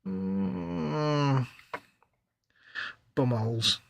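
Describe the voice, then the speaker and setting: While struggling with a model kit on a live stream, a British man chats casually, mutters over the parts and mocks himself. His fairly high, gravelly voice is expressive and draws out words. The sound is lo-fi, with loud background noise and keyboard clicks.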